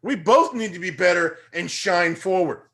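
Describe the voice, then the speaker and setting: Young male teacher, slightly high-pitched, energetic, conversational motivational lecture. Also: normal speed. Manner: energetic, conversational, rising to emphatic bursts.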